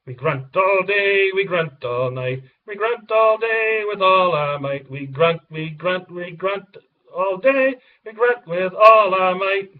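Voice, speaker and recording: A man reading a chorus of boisterous male pigs, chanting slowly and loudly. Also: high voice, close to an everyday voice. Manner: slow, loud chant. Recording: distant, dull lo-fi recording.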